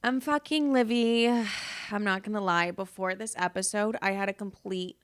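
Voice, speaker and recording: A woman's voice: medium pitch, steady tone, normal speed, clear, resonant tone. A young woman hosting a podcast in casual, rambling confessional chat, teary after crying, swearing freely. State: teary, just been crying. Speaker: podcast host.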